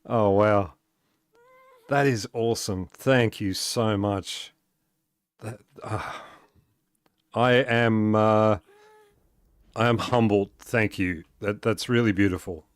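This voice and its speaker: A man's voice: lowish voice, fairly even intonation, takes it slowly, pauses often, clean tone, no echo. A man chatting casually on a gaming live stream, rambling with many fillers and restarts and chuckling often as he talks. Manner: chuckles often while talking.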